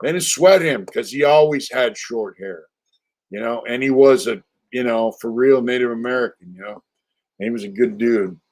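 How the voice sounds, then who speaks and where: A man's voice: medium pitch, moderate pace, a little mellow. Older man rambling through a streetwise story. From California. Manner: rambling, loose and streetwise, full of fillers and profanity. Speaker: livestream host. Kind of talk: casual storytelling livestream.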